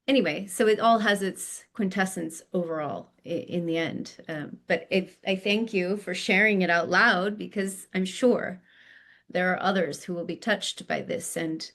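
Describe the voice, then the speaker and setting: Reflective woman podcast host. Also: on the low side. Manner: reflective, spiritual, searching for words. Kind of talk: reflective conversation.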